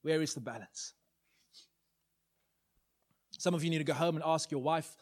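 A preacher in his forties with a fairly high voice delivers his sermon as a dramatic story. He swings from loud bursts of excitement to quiet, hushed lines as he speaks to his church. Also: normal speed, pauses often.

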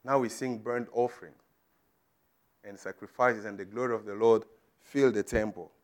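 A man's voice: fairly low pitch, fairly even intonation, moderate pace. Man, preacher, sermon, emphatic, middle-aged. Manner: emphatic, rising to loud declarations.

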